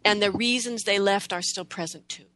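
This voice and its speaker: A woman's voice: mid-range voice, moderate pace, bright, forceful tone, no room sound. A woman speaking earnestly and reflectively about ancestry and spirit in a conversation.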